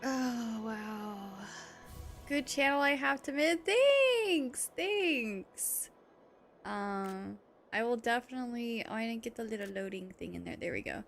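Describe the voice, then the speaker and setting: A woman's voice: a little high, normal speed, gravelly, a bit bright, soft background music. A woman game streamer talking to her chat in a casual, gushing and emotional way.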